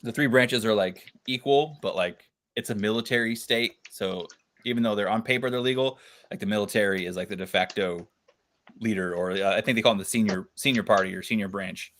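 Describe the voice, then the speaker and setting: A man's voice: lowish voice, a little fast, fairly bright tone. Laughing, chatty man hosting a book club. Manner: laughs often, chatty with many fillers. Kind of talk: casual book discussion.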